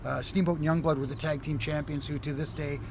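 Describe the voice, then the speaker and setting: A middle-aged man from Canada talks in a fairly high voice. He tells his stories in a lively, rambling way, with lots of uhs and restarts, and a faint hum of a busy venue sits behind him. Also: a little fast, gravelly. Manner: animated storyteller, frequent fillers and restarts. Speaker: former wrestling referee, guest. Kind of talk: casual interview chat.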